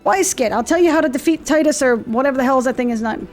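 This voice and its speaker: A woman voicing a young man in a video game who begs forgiveness for lying, slipping into a rough accent. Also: high voice, faint music behind, natural voice. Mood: wheedling. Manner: pleading, rushed excuses, slips into a rough accent.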